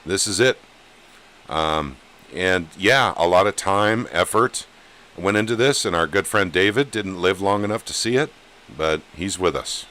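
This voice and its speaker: Bright-voiced, plain-spoken male podcast host. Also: low-pitched, a little slow. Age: over 35. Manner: plain-spoken, rallying, calls viewers "gang". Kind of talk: casual live-stream chat.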